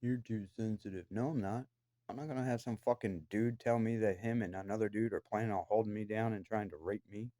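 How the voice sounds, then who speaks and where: A man's voice: fairly low pitch, fairly even intonation, brisk, dark tone, dry recording. A man delivering an angry, profane, accusatory rant to the camera from his own room downstairs in a house. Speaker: vlogger.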